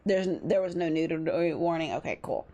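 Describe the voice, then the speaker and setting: A woman's voice: low-pitched, moderate pace, mellow. A young woman streamer reading a dating-sim game aloud with playful, irreverent commentary. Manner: playful, irreverent, laughs at herself. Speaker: VTuber streamer.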